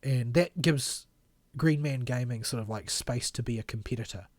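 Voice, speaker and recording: At a moderate pace and medium pitch, a man co-hosting a lengthy streamed podcast gives opinionated, critical takes. He wanders in his remarks until they trail off softly, his voice tired from the long session. The recording is dry.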